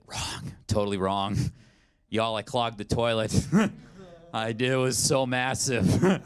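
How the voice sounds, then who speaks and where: A man in his twenties performing a stand-up comedy set, telling self-deprecating stories in an animated way. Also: medium pitch. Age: 20s. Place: comedy stage in a studio.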